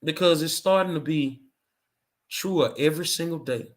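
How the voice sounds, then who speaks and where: A middle-aged man hosts his own show and rants with real anger. He hammers his points home through blunt repetition. His voice sits a little high. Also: normal speed. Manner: angry, ranting, emphatic repetition. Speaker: show host. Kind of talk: impassioned monologue.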